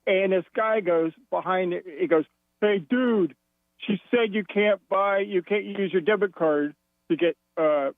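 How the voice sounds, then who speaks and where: Calling a radio show, a man from Florida tells the story of a quarrel, voicing both sides with animation. His high voice keeps a measured pace, and the phone line sounds tinny and dry.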